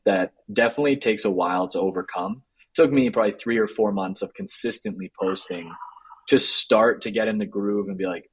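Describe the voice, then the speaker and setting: A man's voice: on the low side, fairly quick, breathy edge, poor audio. A man as an interview guest, talking casually with many filler words. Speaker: guest, writer and co-founder. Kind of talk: interview conversation.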